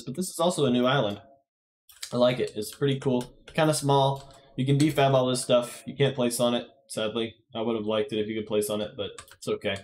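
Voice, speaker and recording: A man's voice: mid-range voice, slight background noise. A man giving casual gameplay commentary to his viewers, chatty and often correcting himself. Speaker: gaming YouTuber.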